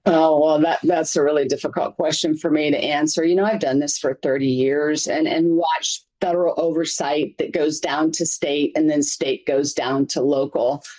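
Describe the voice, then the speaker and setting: A woman's voice: sits low, steady tone, moderate pace, hardly any pauses, darkish tone, low-quality recording. A middle-aged woman advocate answering interview questions earnestly, stacking up points in lists. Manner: earnest, emphatic, piles up lists. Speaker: interview guest, community advocate.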